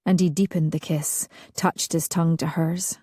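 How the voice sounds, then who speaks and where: A woman narrating a historical romance audiobook in a slow, hushed, sensual reading. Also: low voice, fairly even intonation, slightly rough, no echo, clean studio sound.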